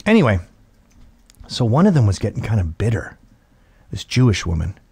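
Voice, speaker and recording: A middle-aged man hosting a show, telling a story in casual comedic chat, profane and animated, slipping into high squealing voices to mimic others. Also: normal speed, vocal fry, husky. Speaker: show host.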